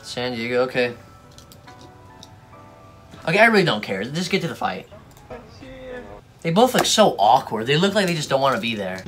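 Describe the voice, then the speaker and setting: A man's voice: mid-range voice, sing-song, normal speed, long pauses, fairly bright tone, soft background music. A young man giving casual reaction commentary, slangy, mocking and easily exasperated. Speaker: video reactor.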